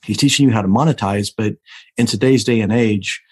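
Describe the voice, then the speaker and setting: A man hosts a podcast, chatting with his guest enthusiastically and spinning stories in a casual interview. His voice is husky and on the low side, and he speaks a little fast.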